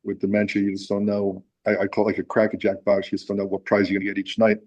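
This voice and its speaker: Male musician guest, lowish voice, rambling animated storyteller with many fillers. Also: fast talker, highs cut off. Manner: animated storyteller, acts out quotes with lots of fillers. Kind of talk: casual storytelling interview.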